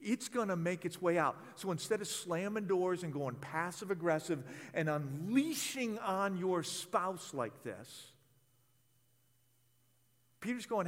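A man preaching a sermon, animated and stammering as he voices the hurt of a betrayed spouse. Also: high-pitched, slow pace. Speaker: pastor. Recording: long hall reverb.

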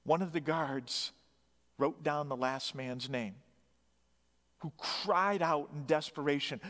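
A man's voice: fairly high pitch, takes it slowly, long pauses, a bit bright. A man preaching, telling a story dramatically with emphatic rising bursts. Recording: long hall reverb.

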